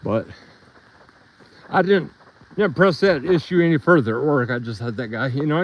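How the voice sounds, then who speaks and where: A man's voice: mid-range voice, normal speed, pauses often, muffled recording. A man telling a rambling story in a casual live stream while walking his dogs on a trail outdoors, a bit out of breath.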